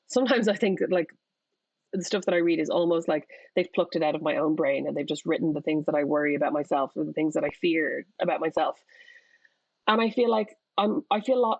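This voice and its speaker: A woman author, guest on a podcast, talks candidly and reflectively in a casual conversational interview, often restarting her sentences. Her voice is lowish and darkish in tone. The recording is dry, dull, and lo-fi.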